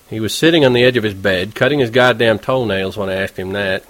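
A man's voice: fairly low pitch, animated, brisk, few pauses, a bit bright, no room sound. A man narrating an audiobook in first person with a slangy, sardonic, conversational delivery.

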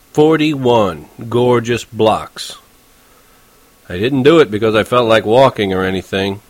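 A man's voice: medium pitch, dry recording. Man, audiobook narrator, first-person story, conversational, self-mocking, dry sound. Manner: conversational, wry, self-deprecating.

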